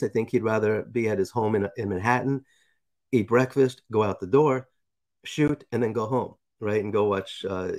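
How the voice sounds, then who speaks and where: A man's voice: medium pitch, darkish tone. Chatty sarcastic man reading articles aloud. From New York. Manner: chatty, sarcastic, nitpicks grammar and pronunciation. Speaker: commentary host.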